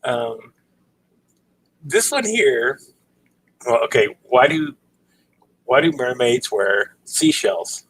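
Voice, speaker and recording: A middle-aged man with a husky, slightly rough voice chats casually on his own livestream. He tells stories in a loose, unhurried way, filling gaps with ums and checking in with "right?" His pitch sits in an ordinary middle range for a man. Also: poor audio. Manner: relaxed storytelling, many ums and "right?". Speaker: livestream host.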